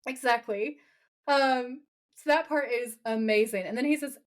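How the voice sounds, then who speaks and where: A woman with a voice on the high side co-hosts a podcast, casually recapping a TV episode at a measured pace. Her retelling is animated; she acts out quoted lines and swears casually.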